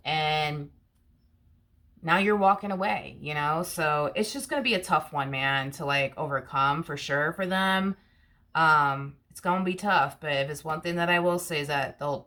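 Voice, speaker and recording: A woman's voice: deep voice, moderate pace, pushed and bright. A woman giving a casual tarot reading to camera, repeating herself with rhetorical questions and many fillers. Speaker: tarot reader.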